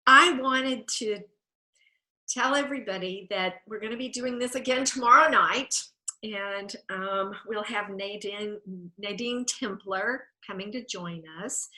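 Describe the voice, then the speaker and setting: Woman host, bright effusive voice, church devotional chat on a video call, emotional. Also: mid-range voice, rough recording. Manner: emotional, tearful at times, warm and effusive. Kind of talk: heartfelt video-call conversation.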